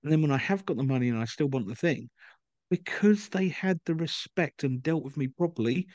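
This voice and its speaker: A man's voice: on the high side, a little fast, darkish tone, no echo. Man telling a story, dry sound. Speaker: podcast host. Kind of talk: casual podcast chat.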